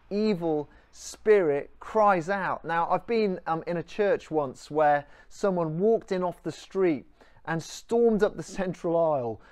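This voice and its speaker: A preacher talks through a sermon in an easy, storytelling way, mid-pitched and full of casual asides. The sound is dry and close, with no room echo. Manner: conversational, animated storytelling with asides.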